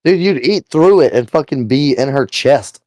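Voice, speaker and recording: A man's voice: mid-range voice, animated, normal speed, a little mellow, no echo. A man co-hosting a crude comedy podcast, talking bluntly and profanely in a laid-back way. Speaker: podcast co-host. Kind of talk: crude casual banter.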